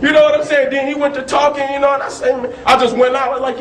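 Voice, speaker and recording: A man's voice: very high voice, fast talker, hardly any pauses. A man talking heatedly and profanely, telling stories between laughs and rants. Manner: animated, profane, storytelling with laughs. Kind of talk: heated talk. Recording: echoey room with faint noise.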